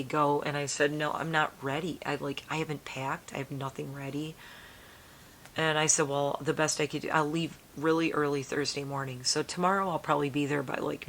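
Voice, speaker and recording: A middle-aged woman chats casually to camera in a vlog, rambling and emotional, soft-spoken with laughs and sometimes sinking to a near whisper. Her voice is low-pitched, with a little hiss or hum in the recording.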